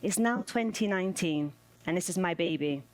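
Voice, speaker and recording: A woman delivering a spoken word performance in a measured, rhythmic way, returning to repeated refrains. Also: on the low side, expressive. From United Kingdom.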